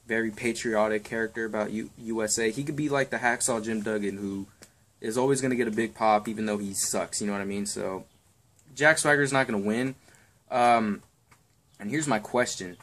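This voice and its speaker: A man's voice: lowish voice, fairly even intonation, moderate pace, a bit bright. A young man giving wrestling match predictions in a rambling, crude, offhand chat full of ums and swearing. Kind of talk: casual chat.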